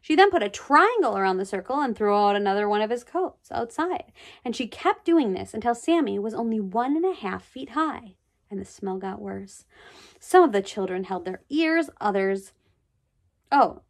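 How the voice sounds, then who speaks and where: Expressive woman reading a storybook. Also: mid-range voice, normal speed. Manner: expressive, chatty asides. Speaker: storybook reader. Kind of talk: reading a children's book aloud.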